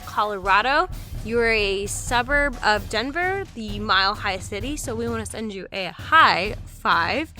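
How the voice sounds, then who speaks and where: A woman co-hosting a podcast in a lively, candid way, casually chatting and swearing now and then. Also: a little high. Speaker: podcast co-host.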